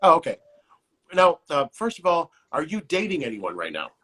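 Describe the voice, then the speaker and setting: A man's voice: fairly high pitch, huge pitch swings, normal speed, pushed and bright. A man hosting a casual live-stream interview, rambling and joking with many restarts. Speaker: talk show host.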